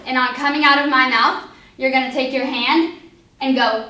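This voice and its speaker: A woman's voice: high-pitched, steady tone, a little fast, sharp tone. A young woman teaching a line dance step by step, upbeat and counting out the moves. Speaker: dance instructor. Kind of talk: instructional dance walkthrough. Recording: echoey hall, voice from far off.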